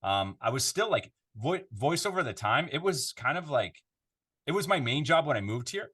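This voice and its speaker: A Canadian man, a voiceover artist, chatting casually in an interview from his home control room, animated and full of fillers. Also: mid-range voice, normal speed, breathy edge. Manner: animated, conversational, lots of fillers.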